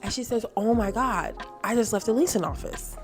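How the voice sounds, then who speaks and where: A woman telling an animated, faith-filled story to her viewers in casual chat. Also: fairly high pitch, a little fast. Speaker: vlogger. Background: music.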